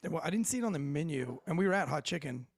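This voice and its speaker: Gravelly, profane man telling stories. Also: a little high, fast talker, no echo. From Florida. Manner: profane, animated storyteller. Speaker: podcast guest. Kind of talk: casual storytelling chat.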